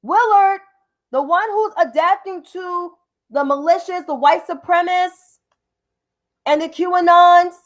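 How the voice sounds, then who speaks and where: A woman hosting a livestream of political commentary, combative and profane, repeating names for emphasis. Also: very high-pitched.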